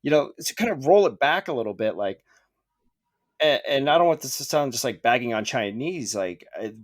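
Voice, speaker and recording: A man co-hosting a podcast in casual chat, joking, swearing freely and thinking out loud. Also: medium pitch, expressive, moderate pace. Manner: joking, profane, thinking aloud. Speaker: podcast co-host.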